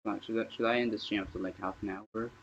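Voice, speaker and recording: Male streamer, low voice, casual aimless chatter, thinks out loud; muffled home-stream sound. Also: fairly even intonation, fast, slightly rough. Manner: rambling, thinking aloud while working. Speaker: live streamer. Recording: dull lo-fi stream audio.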